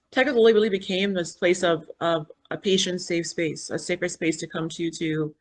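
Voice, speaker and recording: A woman in her fifties speaks as a podcast guest, telling her story with animated energy. She acts out quoted dialogue and her own inner thoughts, and her tone is earnest and spiritual. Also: low voice. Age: 50s. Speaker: podcast guest, foundation founder. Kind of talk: personal storytelling in an interview.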